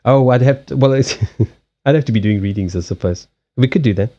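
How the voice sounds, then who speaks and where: A man with a Southern African accent, a native Portuguese speaker, hosting a casual livestream chat, animated and freely swearing. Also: mid-range voice, fairly quick, dull audio. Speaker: card reader and livestream host. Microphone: USB headset mic.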